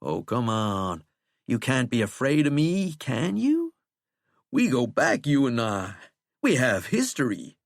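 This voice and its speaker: A man's voice: mid-range voice, big pitch swings, slow pace, no echo, studio quality. A man voicing a shackled, cursed man who is wry, sardonic and coaxing, with a folksy way of talking.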